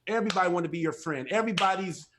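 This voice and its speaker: Rapid-fire and high-voiced, with background noise present, a middle-aged man joins a ministry talk show from his home. His impassioned testimony rolls out in a preacherly rhythm, emphatic and full of repetition.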